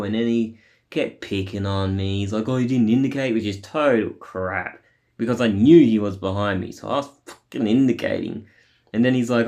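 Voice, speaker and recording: A man's voice: mid-range voice, a little mellow. Angry swearing man venting. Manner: angry, swearing, rambling with many fillers. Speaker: vlogger. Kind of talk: casual venting monologue.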